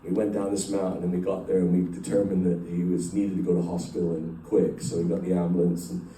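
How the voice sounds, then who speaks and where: A middle-aged man speaks fast in a low, warm voice with completely flat delivery, telling a company group an emotional personal story that rambles with fillers and restarts. Recorded from a distance in a large, echoey room, the audio has a little hiss or hum.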